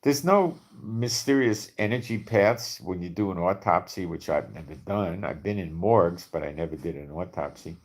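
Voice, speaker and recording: A man's voice: low voice, normal speed, hardly any pauses. A man talking casually and bluntly, skeptical, firing off rhetorical questions and checking in with "okay?". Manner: repeats for emphasis with frequent "okay?". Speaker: video commentator. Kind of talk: casual monologue to camera.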